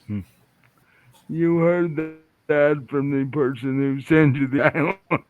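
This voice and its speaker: A man running a tabletop game who narrates slowly, pausing and correcting himself as he sets each scene. His voice sits a little high. It comes through dry and tinny, like a phone call. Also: steady tone, a little hiss or hum. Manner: halting, restarts and trails off while describing scenes. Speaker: game master.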